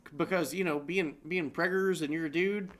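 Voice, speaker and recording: A man's voice: fairly high pitch, fairly even intonation, brisk, fairly bright tone. A man co-hosting a comedic live-streamed news roundup, rambling and joking, often laughing. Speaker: co-host.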